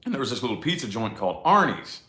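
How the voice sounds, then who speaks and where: Casting: chatty man, thirties, bright lively voice, rambling and cussing, echoey room. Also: medium pitch. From New Albany, Indiana, USA. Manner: rambling and profane, drawn-out words. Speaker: vlogger chatting to a live audience. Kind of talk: casual live chat.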